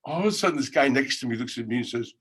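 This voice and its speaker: A middle-aged man, a yeshiva rabbi, teaching an informal Talmud class. He tells a story between points, laughing and shouting out quotes, and speaks over a video call. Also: mid-range voice, animated, rapid-fire, slightly rough.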